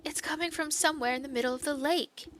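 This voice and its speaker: A woman voicing a melodramatic lovesick young maiden from a dark fairytale game, breathy and tearful. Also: high voice, quick pace, slight background noise, pitched above the performer's own voice. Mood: tearful pining.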